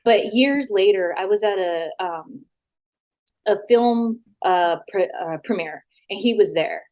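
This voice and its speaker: A woman, a former wrestler, talking frankly as an interview guest, animated and full of quoted back-and-forth, sitting at a house. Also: mid-range voice, slow pace. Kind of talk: casual storytelling interview.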